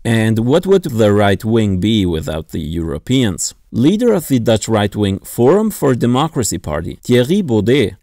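Male video-essay narrator, sardonic and animated, dry close-mic sound. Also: medium pitch, no echo. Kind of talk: scripted narration.

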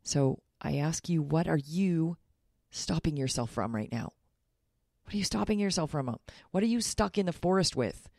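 Earnest woman with a gravelly voice. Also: low-pitched, lively intonation, normal speed, warm tone, no echo, studio quality. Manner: earnest, self-revealing, upbeat. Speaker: podcast host and life coach. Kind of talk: solo podcast monologue.

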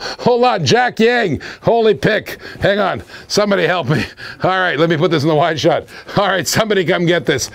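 Man, live auction host, excitable, laughing, repeats himself, higher voice, dry sound. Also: gravelly, no room sound.

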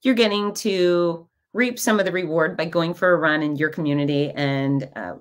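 A middle-aged woman with a low-pitched voice hosts her own podcast. She tells stories in a relaxed, chatty monologue and often acts out the lines of the people in them. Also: moderate pace. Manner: chatty storytelling with lively quoted asides. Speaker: podcast host. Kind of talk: casual monologue.

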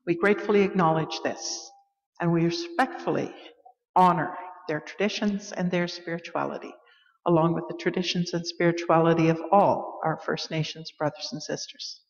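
A woman leading a church worship service, reading liturgy in a measured, solemn way. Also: fairly low pitch, steady tone, vocal fry, lo-fi sound. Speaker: worship leader. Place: church sanctuary. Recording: long reverb of a church hall.

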